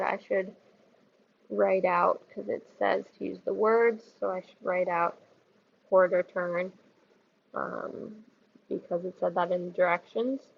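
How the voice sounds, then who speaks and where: A woman teacher talks students through a recorded math lesson, teasing them with questions and stretching out key words. Her voice carries a gravelly fry. The recording sounds a bit dull and lo-fi, with faint noise behind it. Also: medium pitch.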